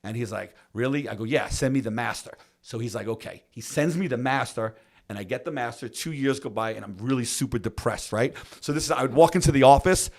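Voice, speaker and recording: A man telling a story on a podcast, acting out what other people said in a lively way. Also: mid-range voice. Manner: acts out quotes of others, fast and lively. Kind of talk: animated storytelling.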